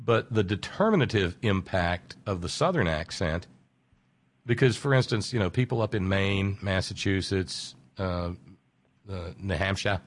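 A man with a fairly low voice who explains things at length. He stretches out key words for emphasis, then speeds through asides. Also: animated, a little slow. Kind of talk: casual radio conversation.

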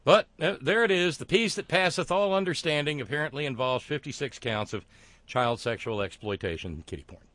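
A man hosting a talk show, delivering sardonic, wry commentary with frequent fillers and halting restarts. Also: on the high side, animated, fairly bright tone, dry recording.

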